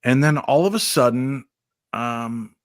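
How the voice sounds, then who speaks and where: A middle-aged man, a radio guest, recounting a personal story in a measured, reflective way, with hesitant fillers. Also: mid-range voice, clean tone, no echo, studio quality.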